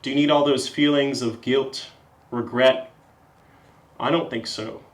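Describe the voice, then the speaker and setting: A man leading a yoga class, giving calm, encouraging step-by-step cues. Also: mid-range voice, measured pace, echoey room. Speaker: yoga instructor.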